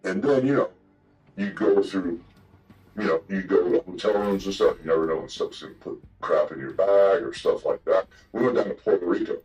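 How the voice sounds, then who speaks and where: Soft background music plays under a rough recording of an older interview guest telling old stories full of profanity and digressions. He talks fairly quickly in a low, darkish voice.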